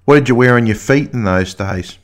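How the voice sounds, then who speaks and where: A man interviewing a guest, asking plain, measured questions as a true crime writer. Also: medium pitch.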